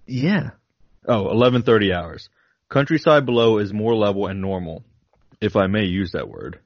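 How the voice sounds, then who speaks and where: Low-voiced man reading aloud dramatically. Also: lively intonation, normal speed, no room sound, highs cut off. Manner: dramatic reading with laughs breaking in. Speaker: podcast co-host. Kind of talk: reading a flight log aloud, then casual chat.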